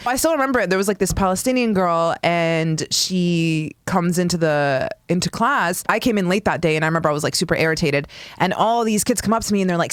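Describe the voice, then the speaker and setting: A woman's voice: medium pitch, no echo, studio quality. A woman in her thirties from Canada, hosting a solo podcast and telling her own story with comedic energy, acting out the voices she quotes. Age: 30s. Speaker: podcast host.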